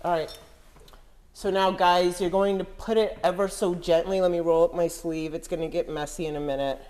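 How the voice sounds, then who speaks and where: A woman's voice: fairly low pitch, fairly even intonation, moderate pace, a little mellow. A woman in her home kitchen, talking to camera in a mock cooking tutorial and teasing her husband with earnest, over-serious instructions. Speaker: vlogger pranking her husband.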